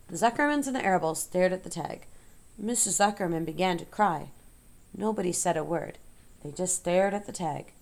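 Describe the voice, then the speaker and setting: A woman narrating a storybook aloud in a measured, expressive way. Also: fairly low pitch, vocal fry.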